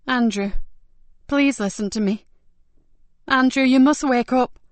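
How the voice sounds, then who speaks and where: Woman narrator doing a pushy caring lady detective, urgent, mid pitched, dry sound. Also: fairly even intonation, normal speed, no room sound, close to an everyday voice. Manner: urgent, pleading.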